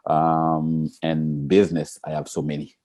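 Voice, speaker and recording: A man being interviewed as an Olympic sprinter, telling stories with lively energy, acting out quotes in a high excited voice and laughing. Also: measured pace. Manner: expressive, jumps into high excited pitch, acts out quotes, laughs. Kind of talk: animated interview storytelling.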